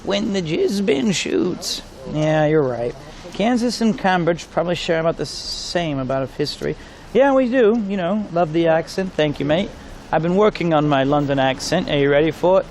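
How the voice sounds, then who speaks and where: A man's voice: a little high, lively intonation, fairly quick, a little mellow, slight background noise. Joking man streaming outdoors. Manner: rambling, jokey, talks to chat. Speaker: IRL streamer. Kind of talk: casual live-stream chat while walking. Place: outdoors on city streets.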